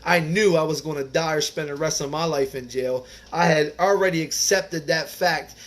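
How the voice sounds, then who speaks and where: A man with a high-pitched voice reads a recovery text aloud and stops often to add his own earnest, informal commentary. His delivery is casual, full of "like" and "man", and he comes back to the text after each aside. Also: moderate pace, fairly bright tone. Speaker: recovery speaker reading the Big Book. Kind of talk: reading aloud with personal commentary.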